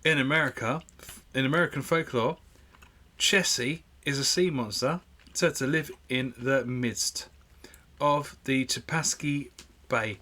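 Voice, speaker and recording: Man, podcast co-host, joking banter, self-mocking, bright voice, studio mic. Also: medium pitch, measured pace. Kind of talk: casual banter. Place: UK home studio. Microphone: studio mic with pop guard.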